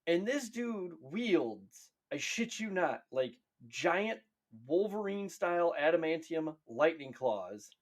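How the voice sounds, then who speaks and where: Hyped up podcast guy, kinda high voice, swings all over the place, cusses a lot. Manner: excitable, profane, drawn-out emphasis. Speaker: podcast co-host. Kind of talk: casual chat.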